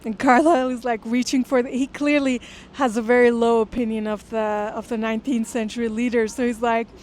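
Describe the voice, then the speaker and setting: A woman reading a classic text aloud and pausing to explain it. She speaks in an earnest, thoughtful way. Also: fairly high pitch, little pitch movement, darkish tone, slight background noise. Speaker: literature lecturer. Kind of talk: reading aloud with close-reading commentary.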